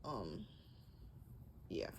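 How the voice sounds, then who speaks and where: A woman's voice: very slow, a little hiss or hum, poor audio. A young woman walking through crochet basics in a casual, chatty way, breathing hard and correcting herself as she goes. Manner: relaxed, chatty, self-correcting with little laughs. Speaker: crochet tutorial host. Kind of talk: casual how-to demonstration. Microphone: close mic picking up breathing.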